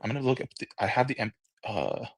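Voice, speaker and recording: A man's voice: mid-range voice, sing-song, fast talker, no room sound. A man speaking on an online panel, hesitant and full of fillers and restarts. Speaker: audio room panelist. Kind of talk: casual discussion.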